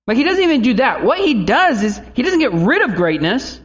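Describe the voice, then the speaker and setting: A man's voice: extremely high pitch, very animated, brisk, a bit bright. A man in his thirties, a pastor giving a conversational sermon who acts out quotes and family stories.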